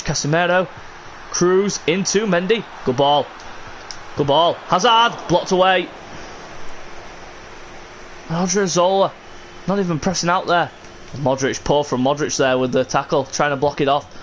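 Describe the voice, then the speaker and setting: Frustrated streamer, man, calls his own game with sudden shouts; light background hiss. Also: fairly high pitch. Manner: frustrated, exasperated, bursts into shouts. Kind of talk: live game commentary.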